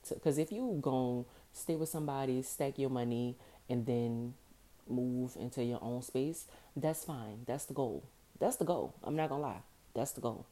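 A woman hosting a podcast alone, talking casually and informally with a rough morning voice, repeating phrases for emphasis. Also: very deep voice, normal speed, warm tone. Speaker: podcast host. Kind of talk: casual solo podcast monologue.

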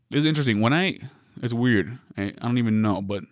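A man's voice: mid-range voice, brisk, dry recording, studio quality. A man from the West Coast, hosting a solo podcast, riffing through a meandering, wry comedic monologue with many self-interruptions.

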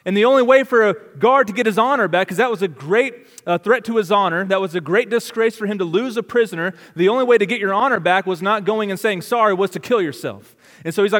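High-voiced man preaching in a reverberant hall. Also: a little fast. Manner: dramatic preaching with rhetorical questions, swinging between loud and hushed. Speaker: pastor. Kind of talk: sermon.

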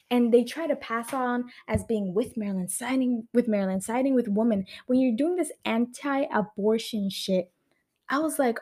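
A young woman who reviews films as a video creator rants casually on her vlog, heated and swearing often, with plenty of fillers and restarts. Her voice sits on the high side with a warm tone and normal speed. It was recorded indoors at home on a camera mic.

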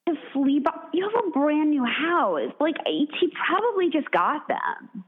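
A woman's voice: sits high, big pitch swings, a little slow. A woman co-hosting a casual chat, giving her opinions freely with lots of "like". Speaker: podcast co-host. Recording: phone-like narrow sound.

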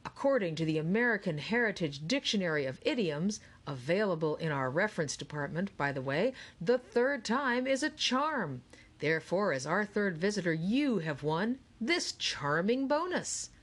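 A woman voicing a booming, jolly announcer heard from ceiling speakers in an audiobook. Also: sing-song, normal speed. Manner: cheerful, booming.

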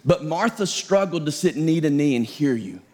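High-voiced man preaching conversationally. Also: animated, moderate pace, darkish tone. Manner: conversational, self-deprecating preaching with quoted asides. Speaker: pastor. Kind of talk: sermon.

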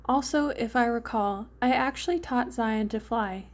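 A woman voicing a calm, matter-of-fact man in a fan fiction reading. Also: on the high side, normal speed, natural voice. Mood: level. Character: calm, level-headed man.

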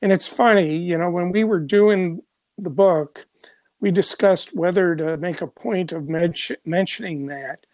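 A man's voice: high voice, darkish tone, no room sound. An older man from Chicago, a journalist telling stories in an interview, rambling with many fillers and restarts. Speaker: journalist guest. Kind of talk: conversational storytelling.

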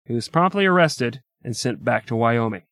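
A man with a bright, lively voice trading wisecracks in casual podcast banter. He swears freely and jumps around his pitch as he jokes. The sound is dry and close to the mic. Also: moderate pace, vocal fry, no echo. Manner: jokey, swears, bursts into silly old-timey gangster voices. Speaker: podcast co-host. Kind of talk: casual comedic chat.

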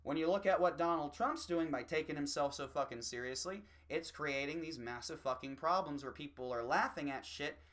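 A man delivering a rambling, swear-filled opinion rant, slipping into quick mocking voices. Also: on the high side, a bit bright. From United States. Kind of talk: profane opinion rant monologue.

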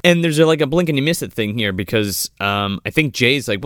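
A man's voice: medium pitch, animated, fairly quick, a bit bright, dry recording, clean studio sound. A man in casual movie chat, talking loosely with lots of swearing and laughter. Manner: loose, profane, laughs often. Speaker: podcast co-host.

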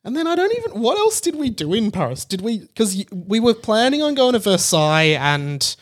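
A man's voice: high voice, very animated, brisk. A man hosting a podcast, chatting casually about a trip and rambling through his stories with lots of fillers. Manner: rambling, filler-heavy storytelling. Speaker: podcast host. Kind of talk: casual travel recap chat.

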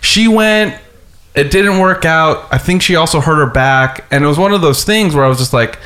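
Podcast host guy, kinda high voice, curious, thinks out loud. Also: moderate pace. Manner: conversational, curious, thinks aloud. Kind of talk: casual interview chat.

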